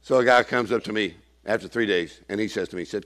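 A man preaching a sermon in church, acting out quoted people and swinging from shouting to hushed asides. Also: on the low side, quick pace.

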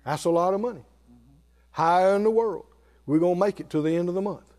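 An older man, a pastor, preaching a sermon with call-and-response, swinging from loud exclamations to low murmurs. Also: brisk.

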